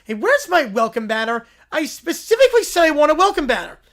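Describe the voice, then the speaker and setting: Spoiled little princess, put on by a reader; high, shrill, demanding, with tantrum shouts. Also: big pitch swings, fairly quick. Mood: whining.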